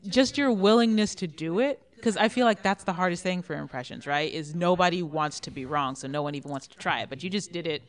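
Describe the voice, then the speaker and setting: A woman's voice: fairly low pitch, a bit bright. A woman TV writer chatting as a guest on a live podcast, giggly and enthusiastic. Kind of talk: casual live podcast chat. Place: theater with live audience.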